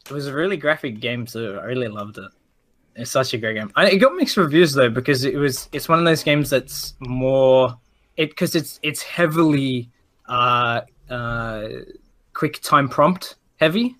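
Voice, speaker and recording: A man's voice: mid-range voice, measured pace, fairly bright tone. A man chatting casually about video games, rambling with many restarts and fillers. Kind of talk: casual gaming chat.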